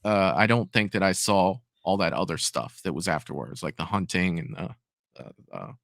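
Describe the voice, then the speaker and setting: Man, relaxed review chat, bright forceful tone, dry sound. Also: deep voice, moderate pace, creaky, dry recording. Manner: easygoing, hedging with "you know". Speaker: co-host reviewing fan films.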